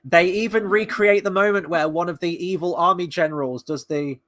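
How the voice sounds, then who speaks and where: A man's voice: sits high, moderate pace, fairly bright tone, a little hiss or hum. A man giving a blunt, exasperated film review in casual, sweary talk.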